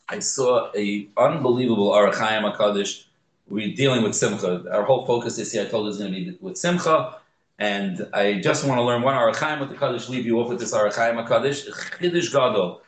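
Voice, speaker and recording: A man teaching a Torah class, mixing Hebrew terms into English and growing animated on key points. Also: mid-range voice, echoey room, low-quality recording.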